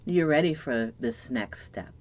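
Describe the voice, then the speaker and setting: A woman giving a solo tarot reading to camera, talking softly and reflectively, sometimes dropping to a near-whisper as she searches for words and sounds moved. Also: extremely low pitch, animated, unhurried. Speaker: tarot reader.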